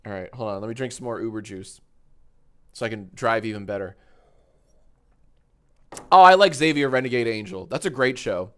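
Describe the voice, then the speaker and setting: A man's voice: mid-range voice, animated, normal speed, long pauses. Tipsy, rambling male streamer. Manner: rambling, profane, joking. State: tipsy from wine. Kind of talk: casual live-stream chat. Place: home studio with green screen.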